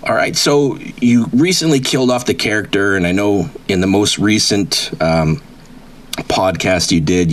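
A man interviewing on a comedy podcast, asking dry, deadpan questions. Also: low voice.

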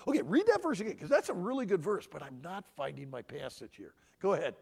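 An older man in his sixties preaches with a lively, sweeping delivery, his voice riding high. He talks emphatically and fires questions straight at the listeners. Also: quick pace, creaky. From Michigan. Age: 60s. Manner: animated, emphatic, asks audience questions. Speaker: conference speaker. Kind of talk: sermon-style teaching.

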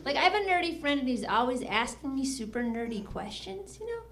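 A woman performing a stand-up comedy set, telling deadpan jokes and giggling at her own lines, with silly voices for characters. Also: sits high, a little fast. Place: comedy club with a live audience. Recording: loud audience and room noise.

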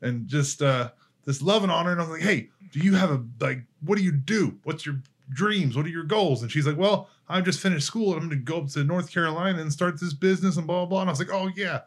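A man's voice: fairly high pitch, fast talker. A young man casually telling a faith story, acting out the dialogue as he goes. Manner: animated storyteller, acts out dialogue, laughs easily. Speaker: podcast guest. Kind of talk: casual faith testimony chat.

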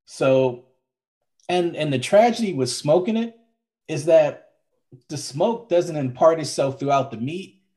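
A man's voice: a little high, animated, measured pace, long pauses, dark tone. A man co-hosting a podcast in a casual, rambling chat, often repeating himself. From from Maryland, now Florida. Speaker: podcast co-host.

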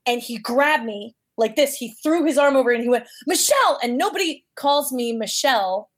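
A woman's voice: a little high, moderate pace. A woman guest telling a personal story casually, acting out the voices she quotes. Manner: animated, acts out quoted voices.

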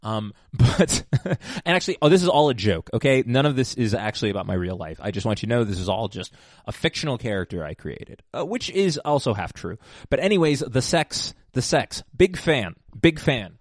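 A man's voice: medium pitch, sing-song, normal speed, no room sound, clean studio sound. A man hosting a casual rambling monologue, digressive and self-mocking, with many fillers and restarts. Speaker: podcast host.

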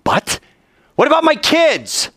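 Man playing old Abraham, impatient, exasperated, high pleading voice, animated. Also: slow pace, no room sound, clean studio sound, full character voice.

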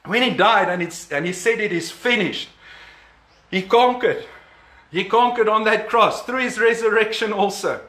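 A man's voice: high voice, moderate pace, pushed and bright, echoey room. A man preaching a sermon, emphatic, repeating key words and chuckling between points.

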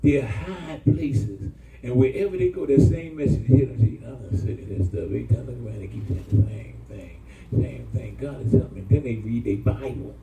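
A middle-aged man pastor, preaching an animated sermon with call-and-response to his congregation. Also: mid-range voice, moderate pace, vocal fry, hardly any pauses, recorded from a distance, crowd noise. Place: church hall. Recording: echoey church room, mic from afar, congregation.

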